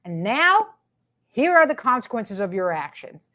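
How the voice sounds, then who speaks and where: Host, female, high voice, indignant sarcastic rant with hammering repetition. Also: very animated, a little slow, bright, forceful tone. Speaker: commentary host. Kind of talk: ranting political commentary.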